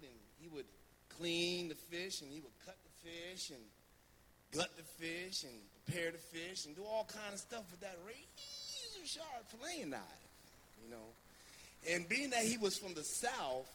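Bright, lively preacher man. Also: on the high side, long reverb tail, a little hiss or hum. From New Jersey. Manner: lively, anecdotal, many fillers. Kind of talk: storytelling sermon. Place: church sanctuary.

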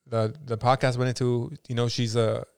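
A man's voice: medium pitch, flat delivery, moderate pace, vocal fry, smooth, no room sound, studio quality. A man co-hosting a podcast, telling a long story in casual chat with many fillers and restarts. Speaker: podcast co-host.

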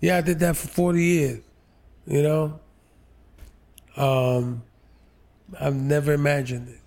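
A man in his sixties from New York's Lower East Side, an actor telling stories in an interview, slow and halting with many fillers. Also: flat delivery, darkish tone. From New York, Lower East Side. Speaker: actor, guest. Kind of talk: relaxed interview storytelling.

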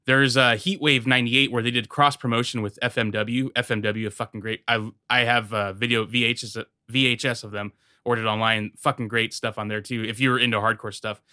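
A man's voice: medium pitch, steady tone, brisk, bright, forceful tone, no echo, studio quality. A man co-hosting a casual podcast chat, joking crudely and rattling off details. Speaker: podcast co-host.

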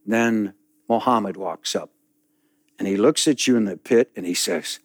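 A pastor preaching a sermon, telling a story dramatically and acting out the people in it. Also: male voice, fairly low pitch, measured pace, no room sound, studio quality.

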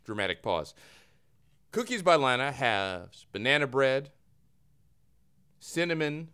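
A man's voice: medium pitch, very animated, slow, bright, forceful tone, clean tone. A man hosting a casual sports podcast, joking and self-mocking through ad reads and a sports report. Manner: jokey, playful, self-mocking. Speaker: podcast host. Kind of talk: casual chat and comic ad reads.

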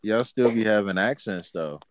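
A man's voice: lowish voice, normal speed. A man co-hosting a podcast, laid-back and chiming in with short remarks. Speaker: podcast co-host. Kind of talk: casual chat.

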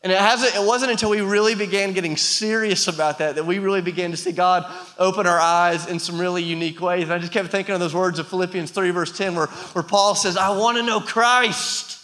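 A man in his thirties preaching to a church, with a bright, ringing voice pitched a little high. He tells stories about himself with self-deprecating humor and builds to passionate calls to the congregation. His voice carries a long reverb from a large hall. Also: steady tone, quick pace, hardly any pauses. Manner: storytelling, self-deprecating, rising to passionate appeals. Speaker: pastor. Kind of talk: sermon.

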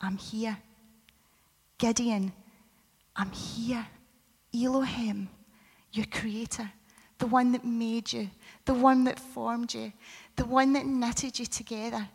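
Woman as a soft-spoken, whispering God; reverberant hall. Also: on the high side, fairly even intonation, slow pace, creaky, pauses often, breathy edge, full character voice. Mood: tender reassuring. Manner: soft, hushed, often whispered. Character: gentle reassuring male God speaking.

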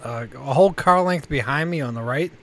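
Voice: medium pitch, a little fast, a bit bright. A co-host in a casual chat, chiming in with short quips and questions.

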